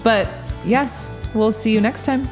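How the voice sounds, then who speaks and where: A woman's voice: fairly high pitch, measured pace, over music. A woman co-hosting a podcast in casual chat, teasing her co-host and laughing easily.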